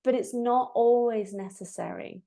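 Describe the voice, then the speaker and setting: A woman, a guest on a podcast, talking about emotions in a warm, animated way, often saying "like" and "you know". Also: fairly high pitch, normal speed, creaky. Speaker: guest, breathwork facilitator. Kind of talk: casual interview chat.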